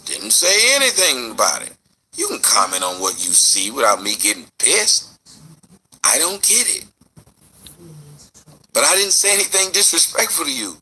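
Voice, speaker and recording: A man hosting his online show, answering a critic in an animated, rhetorical commentary rant. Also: mid-range voice, moderate pace, long pauses, breathy edge. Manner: animated, rhetorical, mocking retorts.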